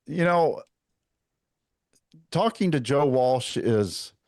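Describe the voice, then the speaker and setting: Measured man, dry close voice. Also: medium pitch, animated, a little mellow, no echo. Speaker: guest, podcast host. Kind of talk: casual political chat.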